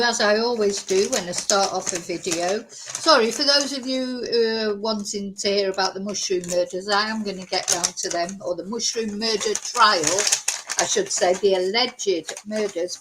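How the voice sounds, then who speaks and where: A woman hosting a true crime channel, talking in a rambling, animated way with plenty of asides. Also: mid-range voice, normal speed, noisy background. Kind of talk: casual chatty vlog.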